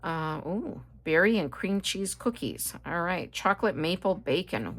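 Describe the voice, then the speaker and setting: Talking through her shopping haul at an unhurried pace, the middle-aged host with a Midwestern American accent sounds animated and a bit bright, her voice on the low side. She rambles casually, full of asides and filler words.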